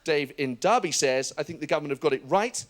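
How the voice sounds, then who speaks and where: A man putting on the voice of a pompous TV news anchor, grave and deliberate. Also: on the high side, expressive, a bit bright, voice pushed down. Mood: solemn. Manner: slow, grave voice of authority.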